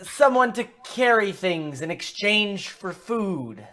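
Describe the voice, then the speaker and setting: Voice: mid-range voice, big pitch swings, slow, over a noisy crowd, voice pushed up. A game master voicing a polite, lost stranger man in plain clothes who offers his services. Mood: hopeful. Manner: courteous, formal offers of service.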